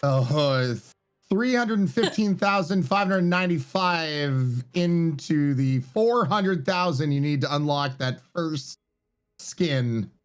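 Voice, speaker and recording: A woman's voice: deep voice, lively intonation, slow. A woman co-playing on a gaming stream, joking around and giggling often. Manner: giggly, jokey, laughs often. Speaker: co-player.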